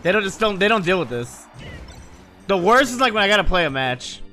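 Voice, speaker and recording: Man, bright high voice, swooping pitch, casual profane storytelling, faint music behind. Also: brisk. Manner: animated, profane, joking. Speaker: streamer. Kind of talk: casual storytelling to a stream audience.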